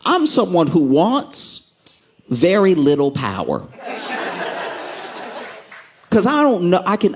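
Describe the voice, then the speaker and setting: Male stand-up comic, very lively pitch, punchy storytelling, jumps up to voice the people in his bits. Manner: animated storytelling, acts out quoted people with sudden pitch jumps. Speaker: stand-up comedian. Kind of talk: stand-up comedy set.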